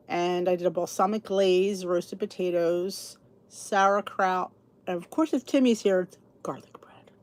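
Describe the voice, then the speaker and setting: On a dry recording, a middle-aged woman from the Philly area hosts a podcast in a mid-range voice with a Philadelphia accent. Her talk to viewers is casual and rambling, peppered with restarts and asides.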